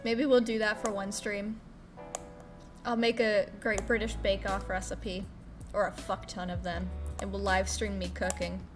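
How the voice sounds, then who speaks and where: An Ohio woman with a Midwestern American accent streams on Twitch, chatting casually, reading viewer questions, swearing now and then and squealing at her pets. Her mid-range voice is flat and unhurried, with music in the background.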